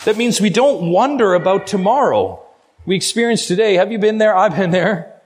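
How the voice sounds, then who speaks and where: Earnest pastor preaching. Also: male voice, high voice, breathy edge. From Canada. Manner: earnest and urging, slows down hard on key phrases. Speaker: guest pastor. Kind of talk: sermon.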